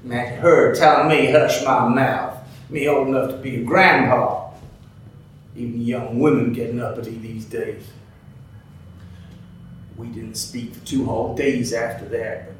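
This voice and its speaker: A man's voice: medium pitch, steady tone, a little slow, long pauses, slight background noise, lightly acted. A man doing an old cook, rambling. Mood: gossipy. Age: older. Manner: rambling folksy storytelling, ungrammatical drawl. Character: older Southern male night-shift diner cook, bigoted, blustering. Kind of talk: theatrical monologue. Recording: echoey stage from far off.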